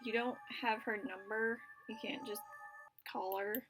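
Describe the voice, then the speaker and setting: A woman's voice: a little high, steady tone, measured pace, a bit bright, faint music behind. A woman playing a story game, reading its narration aloud and reacting casually, with filler words and swearing. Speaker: let's play gamer.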